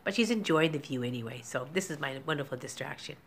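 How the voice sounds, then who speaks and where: An emotional woman speaks to her camera from a small apartment, rambling and candid, near tears with nervous little laughs. Her voice sits slightly low. A faint room hum is present in the background. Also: animated, quick pace. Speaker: vlogger. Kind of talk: emotional personal vlog.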